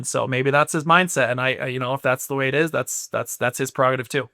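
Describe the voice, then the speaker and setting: A man in his thirties co-hosting a podcast, talking in an easygoing, agreeable, measured way as a former player. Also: mid-range voice, steady tone, bright, forceful tone, dry recording, clean studio sound. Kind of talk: casual chat.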